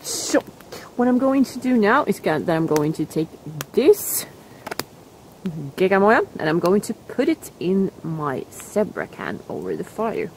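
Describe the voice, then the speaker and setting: A woman's voice: medium pitch, very animated, a little slow, a little hiss or hum. A woman with a Swedish accent, chatting to viewers in a casual outdoor vlog while she cooks over a fire in winter, full of exclamations. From Sweden. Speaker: outdoor vlogger.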